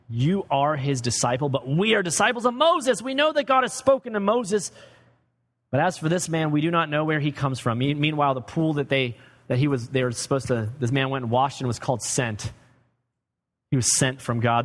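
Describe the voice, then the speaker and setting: A man preaching a sermon as pastor, swinging from loud emphatic declarations to quiet, low asides. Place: church sanctuary. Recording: long hall reverb.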